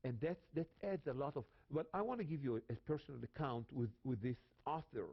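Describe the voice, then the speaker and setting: A man's voice: medium pitch, a little fast, slightly rough, dull audio. A man from Israel with an Israeli accent, teaching about the Bible in a dramatic way and repeating phrases for emphasis. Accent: Israeli Hebrew. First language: Hebrew.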